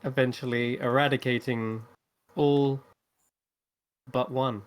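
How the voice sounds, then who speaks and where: A man narrating as game master of an online tabletop game, in a relaxed, chatty way with many fillers. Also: medium pitch, slow, smooth. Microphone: home microphone on an online call.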